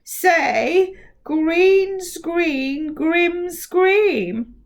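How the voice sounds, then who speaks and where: Eager boy adventurer, high and chuckly, slow delivery, read by a woman. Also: gravelly, full character voice. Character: excitable boy adventurer, fumbling.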